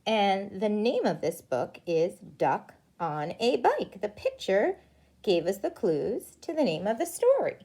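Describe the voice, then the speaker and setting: A preschool teacher reading a picture book aloud to young children, pausing for gasps and questions along the way. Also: female voice, mid-range voice, slightly rough. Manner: animated storytelling with gasps and questions.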